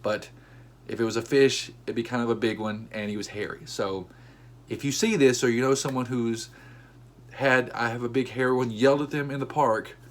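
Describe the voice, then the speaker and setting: A man telling a funny story from his own life, with an animated, conversational delivery. His voice sits in a middle pitch range. When he acts out what people said, it jumps into sudden high-pitched outbursts. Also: normal speed. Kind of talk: comedic storytelling monologue.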